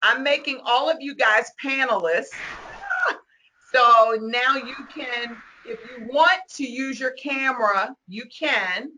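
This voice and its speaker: A woman hosting a virtual meet-and-greet over a video call, gushing and excitable, laughing often and close to tears. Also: fairly high pitch, unhurried, hardly any pauses, a little hiss or hum. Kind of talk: casual video-call chat.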